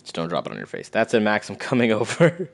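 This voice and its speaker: A man's voice: on the low side, huge pitch swings, fast talker, creaky. Casual man streaming a game. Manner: casual, reads in-game texts aloud, quips and slang. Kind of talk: live game playthrough commentary.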